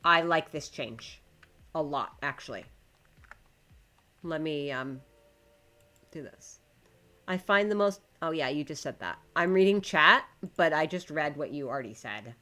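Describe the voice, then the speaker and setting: Lady streamer w a low voice, chatting to chat while building, cusses at the game. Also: expressive, measured pace, pauses often, pushed and bright. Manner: chatty, talks to the game and to chat, swears when frustrated.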